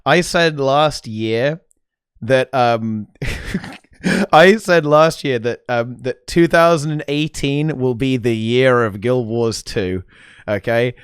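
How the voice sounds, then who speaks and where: A man co-hosting a casual gaming chat show, excitable and peppering his talk with "okay?" and "dude". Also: medium pitch, slow pace, smooth, no room sound, clean studio sound. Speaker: podcast co-host.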